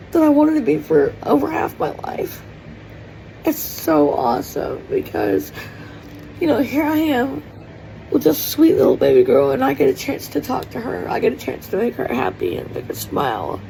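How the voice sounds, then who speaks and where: This vlogger talks from her kitchen at home, heartfelt and teary, rambling through an emotional personal monologue full of fillers. Her voice is a little high, creaky and warm. The recording is low quality with slight background noise.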